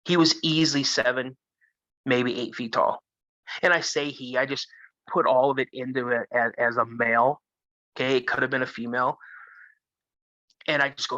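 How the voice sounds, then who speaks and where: Bright-voiced man telling a story. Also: mid-range voice, normal speed, long pauses, dry recording. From Minnesota. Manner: animated, acts out the voices of others. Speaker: guest. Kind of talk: casual storytelling. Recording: dull lo-fi sound.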